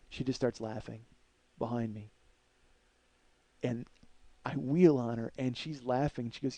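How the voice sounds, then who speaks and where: A man's voice: mid-range voice, steady tone, a little slow, long pauses, no room sound. A middle-aged man telling a heated personal story as a podcast host, swearing constantly and acting out the quotes in it. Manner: profane, heated, acts out quotes loudly. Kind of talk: storytelling monologue.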